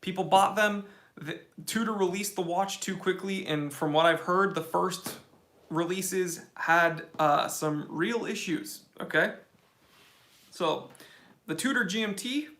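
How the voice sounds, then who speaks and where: A young man hosts a casual live Q&A straight into his phone, fielding chat questions one after another. His voice sits a touch high with a gravelly edge and a bright, forward tone. He is blunt and opinionated, tossing in casual slang as he goes. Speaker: watch channel host.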